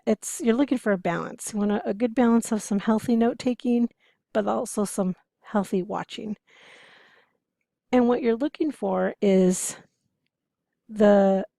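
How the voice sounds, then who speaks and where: Female instructor, gravelly and mellow, dry close sound, chatty lecture delivery. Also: mid-range voice, dry recording. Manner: conversational, explanatory, asks rhetorical questions. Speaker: interpreting instructor. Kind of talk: lecture to students.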